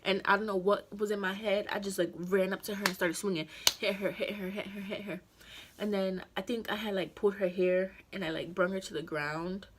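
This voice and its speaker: A woman's voice: medium pitch, a little fast, noisy background. Chatty young woman telling a storytime. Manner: chatty, animated retelling with lots of "like" and slang. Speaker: vlogger. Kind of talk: casual storytime vlog.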